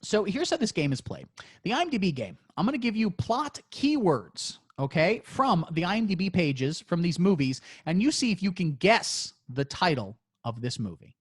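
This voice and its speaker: A man's voice: sits high, very animated, moderate pace, husky. A man co-hosting a crude comedy podcast and running a movie quiz, talking in a playful, teasing, mock-boastful way.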